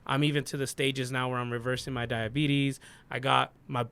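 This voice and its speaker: Male DJ guest, 30s, earnest rambling storyteller; bright, edgy tone. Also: medium pitch, little pitch movement, normal speed, vocal fry, clear, resonant tone. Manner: earnest, rambling, heavy on "like" and "you know what I mean". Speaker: DJ guest on a podcast. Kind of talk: casual storytelling interview.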